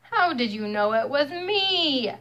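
A woman's voice: sits high, expressive, slow pace, bright, forceful tone, pitched above the performer's own voice, full character voice. A woman voicing a worried young male turkey in a storybook, with plaintive, whining questions.

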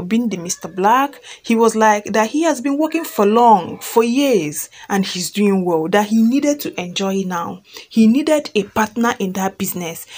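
A woman's voice: mid-range voice, a little mellow. A woman who reads a fan story aloud and then retells it chattily, often checking in with listeners and repeating herself.

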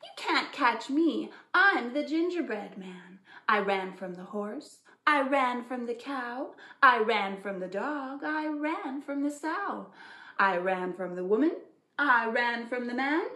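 A cocky little gingerbread cookie boy chants his taunts in a bright, high, sing-song voice, as a woman reads him aloud. He boasts at a slow, deliberate pace. An echoey room carries the storybook reading. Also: lively intonation, heavily acted. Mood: taunting.

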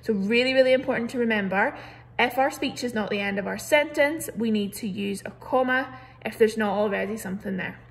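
Her pitch sits fairly high and her pace is fairly quick. This woman, a primary school teacher, records an online grammar lesson through her computer mic, explaining clearly and patiently with frequent "so" and "um".

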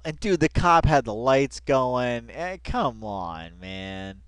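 A man hosting a casual reaction video at home on a headset mic, excitable and laughing, tossing "dude" into nearly every line. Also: medium pitch, takes it slowly, smooth, dry recording. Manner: excitable, says "dude" constantly, breaks into laughter.

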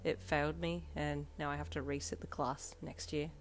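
A woman voicing a moody, excitable teenage student who grumbles and fills her talk with ums and uhs in a fan audio story. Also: low voice, normal speed, a little hiss or hum. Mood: grumpy, eager.

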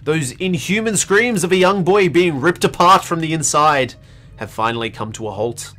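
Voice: medium pitch, moderate pace, fairly bright tone, soft background music. A streamer giving a dramatic reading of horror game text, theatrical and prone to acted pleading and screams. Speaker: let's play streamer.

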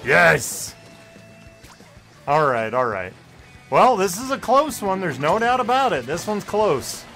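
This is a young male streamer with a somewhat high voice who talks in a slow, easygoing way between rounds. He jokes with his chat and breaks into excited shouts during tense moments. Faint game music plays behind him. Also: gravelly. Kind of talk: casual live gameplay commentary.

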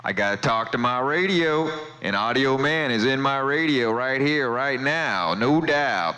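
A man's voice: medium pitch, lively intonation, moderate pace, hardly any pauses, pushed and bright, smooth, rough recording. Cheery man on a CB radio. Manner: friendly, repeats his call sign and sign-offs. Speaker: CB radio operator. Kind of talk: CB radio chatter. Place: home radio station. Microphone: CB radio microphone.

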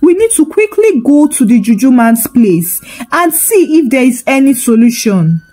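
A woman's voice: high voice, sing-song, normal speed, dark tone, faint music behind. A woman doing a scolding young friend. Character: scolding young male friend, bad influence.

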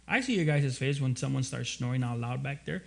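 A man preaching a sermon as pastor, with a relaxed, animated storytelling manner, slangy asides and frequent restarts. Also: mid-range voice, brisk, vocal fry.

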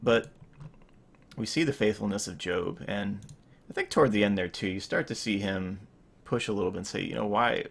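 A man's voice: on the low side, moderate pace, creaky, husky. A man in his thirties giving an informal sermon as pastor, rambling with many fillers and restarts.

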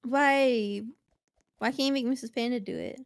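Girl on stream, high voice, kinda shy, giggles, dry sound. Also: steady tone, moderate pace, clean tone, no room sound. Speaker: co-player on stream. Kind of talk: casual gaming chat.

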